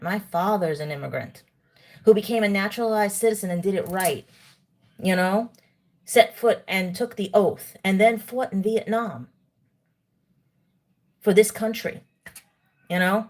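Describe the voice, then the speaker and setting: Speaking at normal speed with frequent pauses, this mid-range female voice belongs to a livestream host from New York. She snacks while addressing her viewers, sounding preachy and indignant toward the chat.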